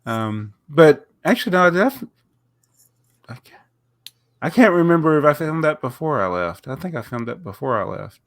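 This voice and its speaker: A man's voice: on the high side, big pitch swings, moderate pace, pauses often, a bit bright, no echo, studio quality. A man with a nasal, stuffed-up voice, recovering from a cold, telling a rambling story on a casual podcast with frequent laughs. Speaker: podcast co-host. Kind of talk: casual chat.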